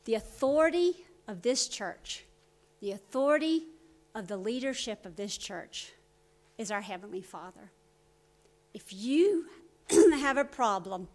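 A woman preaching a church sermon, telling stories and voicing quotes with lively swings in loudness. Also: fairly high pitch, vocal fry. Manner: storytelling with voiced quotes, lively shifts in loudness.

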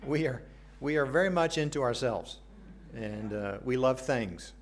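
A man's voice: medium pitch, lively intonation, a little slow. An American man preaches a sermon in an earnest tone. He puts questions to the congregation and drops in light jokes between his points. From United States. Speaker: pastor.

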